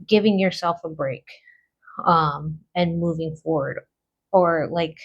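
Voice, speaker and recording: Slow, musing woman reading tarot cards. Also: sits low, gravelly, husky, lo-fi sound. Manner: slow, musing, thinking aloud with many fillers. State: has the hiccups. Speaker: tarot card reader. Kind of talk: casual card reading.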